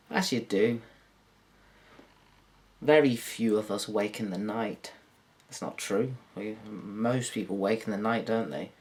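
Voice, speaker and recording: A comedian delivers a rambling, crude stand-up monologue straight to camera, mocking himself and slipping into silly, high-pitched put-on voices.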